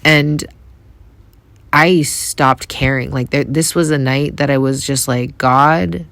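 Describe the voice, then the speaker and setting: A woman from Canada hosting a podcast, telling a personal story in a soft, reflective way with many hesitations. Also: extremely low pitch, fairly even intonation, slow, no echo. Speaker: podcast host.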